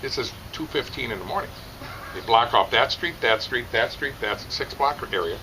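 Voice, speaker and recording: A middle-aged man telling a rambling, animated story, casually chatting outdoors at a barbecue competition. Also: mid-range voice, moderate pace, over music, low-quality recording.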